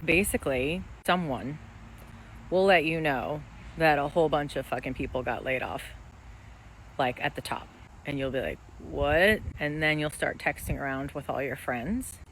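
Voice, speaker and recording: A young woman who was laid off from her office job vlogs candidly about it, frank and wry, swearing freely in a confessional style. Her voice sits low at a normal speed. The recording is rough, with a little hiss or hum.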